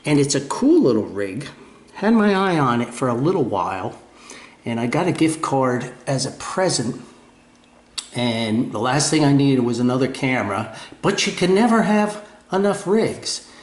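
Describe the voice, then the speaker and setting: An older man with a New Jersey accent chatting casually in his home radio room, rambling and poking fun at himself with plenty of fillers and restarts. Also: mid-range voice. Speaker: ham radio video host. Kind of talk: casual show-and-tell chat. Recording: echoey room.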